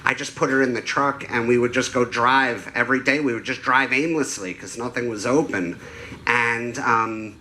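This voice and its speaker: A man doing a stand-up comedy set on a club stage, telling crude deadpan stories into a handheld mic. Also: medium pitch, normal speed, slight background noise. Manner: deadpan storytelling with crude jokes.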